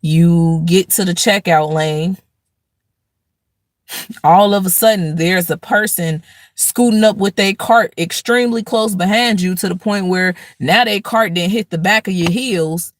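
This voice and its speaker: Telling everyday stories in a preachy style, this host of a casual spiritual talk also performs angry rants. The recording is dry, and her lowish voice moves a little slowly.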